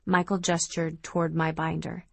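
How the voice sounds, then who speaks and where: A woman reads a novel aloud in the first person, with steady, even storytelling. Her voice sits on the lower side, and the recording is dry and close, with no room around it. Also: moderate pace, creaky, dry recording. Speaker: audiobook narrator. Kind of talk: first-person audiobook narration.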